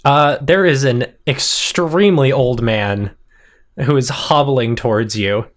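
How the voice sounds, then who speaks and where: A man narrating a tabletop role-play as game master, relaxed and wry. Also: mid-range voice, slow.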